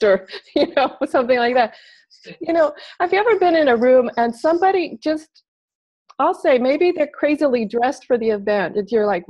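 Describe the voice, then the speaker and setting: Lively woman on a lo-fi video call. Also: on the high side, brisk. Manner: animated, acts out little quoted voices. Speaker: body language expert guest. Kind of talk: casual interview over video call. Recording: dull lo-fi video call audio.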